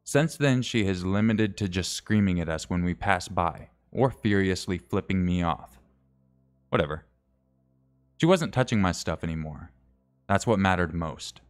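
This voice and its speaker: Low-voiced guy reading a creepy story on stream, casual, fixes his slips as he goes. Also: a little slow. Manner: casual reading with self-corrections and wry asides. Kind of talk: reading a scary story aloud.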